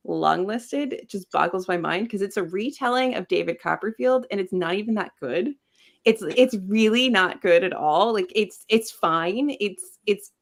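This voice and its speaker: A woman's voice: on the low side, vocal fry. A woman co-hosting a casual book podcast, giving blunt opinions with lots of fillers and restarts. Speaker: podcast co-host.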